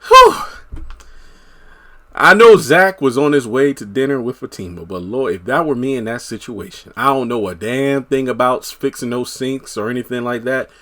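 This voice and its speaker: A man reviews a TV episode in a loose, conversational vlog. He rambles along with frequent filler words at an ordinary mid-range pitch. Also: expressive, moderate pace, sharp tone. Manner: rambling, many "you know" fillers. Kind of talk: casual recap vlog.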